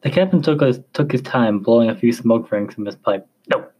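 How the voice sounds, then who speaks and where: A man narrating a chapter of a story in a slow, measured reading voice. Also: mid-range voice, lively intonation, highs cut off.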